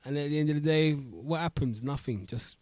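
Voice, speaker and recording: A man's voice: a little high, brisk, darkish tone, no room sound. A man hosting a radio talk show, chatting in a laid-back, casual way between segments. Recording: dry studio with music behind.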